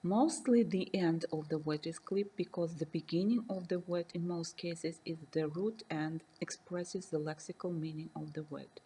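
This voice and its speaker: A woman lecturer reading a recorded university lesson slowly and carefully, defining terms and giving examples. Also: fairly low pitch, mellow, husky, low-quality recording.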